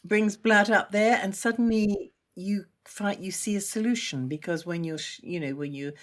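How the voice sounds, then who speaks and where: This woman teaches energy medicine and appears as a podcast guest, explaining her practice in explanatory interview fashion. Her mid-range voice moves at a normal speed, and she's chatty and enthusiastic, laughing often.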